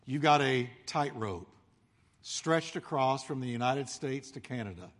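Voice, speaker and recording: A man's voice: mid-range voice, expressive, unhurried, fairly bright tone. Pastor guy preaching, slips into crowd voices for the story, long echoey hall. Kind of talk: sermon.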